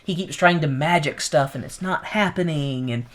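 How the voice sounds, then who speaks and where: An adult podcast co-host casually recapping a film, animated and given to swearing and acting out quoted lines. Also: mid-range voice, moderate pace. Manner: animated retelling, jumping into quoted voices, swears freely.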